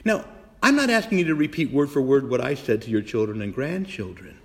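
Speaking briskly in a mid-range voice, a middle-aged priest gives an animated sermon. He hammers points home through repeated phrases and questions the congregation directly.

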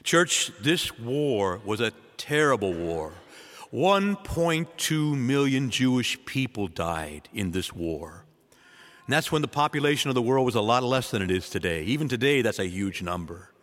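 A man, a priest, giving a sermon with dramatic swings between loud and soft. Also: very animated, moderate pace. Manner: dramatic preaching with wide swings in pitch and loudness. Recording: long church reverb.

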